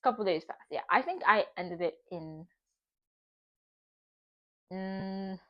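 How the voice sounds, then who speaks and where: A young woman in her twenties, a vlogger telling a dramatic story in casual chat from her home kitchen, animated and exclaiming. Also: medium pitch, slow pace, muffled recording.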